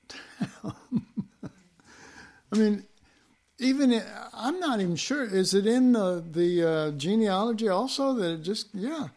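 Slow, dramatic man preaching a sermon. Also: high-pitched. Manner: dramatic swings from hushed whispers to loud emphasis; folksy, chuckling asides.

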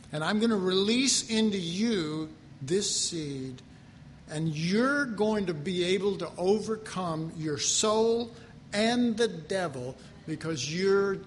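A man preaching a folksy sermon, moving between loud declarations and hushed, quiet passages. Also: high voice, lively intonation, slow, long reverb tail, slight background noise. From Texas. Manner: folksy, self-deprecating, swings from loud to hushed.

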